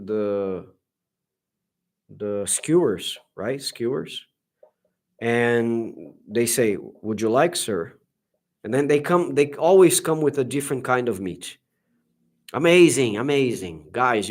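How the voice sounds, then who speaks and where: A man's voice: medium pitch, darkish tone. A middle-aged man from Brazil with a Brazilian Portuguese accent, chatting casually and enthusiastically on a livestream, often restarting his sentences. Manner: enthusiastic, gushing, frequent restarts. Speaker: livestream host.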